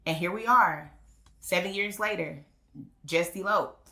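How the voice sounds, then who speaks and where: A woman's voice: on the low side, moderate pace, vocal fry, pauses often. A woman, a wedding officiant and business owner, telling stories in an interview and acting out the voices she quotes. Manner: animated storyteller, acts out quoted voices. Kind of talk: casual interview storytelling. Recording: echoey room.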